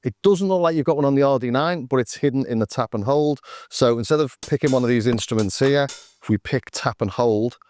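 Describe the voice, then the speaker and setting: A man's voice: mid-range voice, fairly quick, darkish tone, soft background music. A man casually demonstrating drum machines, thinking aloud as he works through settings and numbers. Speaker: synth demo host.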